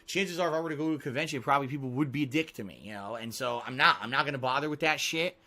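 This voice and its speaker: A man's voice: mid-range voice, rapid-fire, pushed and bright. Heated, foul-mouthed male streamer. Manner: heated, profane ranting. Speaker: live streamer. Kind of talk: unscripted stream talk to chat.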